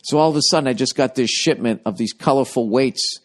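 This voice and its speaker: A man's voice: medium pitch, a little fast. A man hosting his podcast, rambling through a profane, self-mocking monologue in casual chat. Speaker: podcast host.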